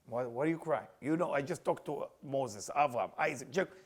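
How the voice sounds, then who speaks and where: A man's voice: mid-range voice, brisk, breathy edge, pitched below the performer's own voice, close to an everyday voice. A man voicing God, who answers firmly and explains his judgment. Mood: stern. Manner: firm, explaining, questioning. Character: God, stern and reasoning, male.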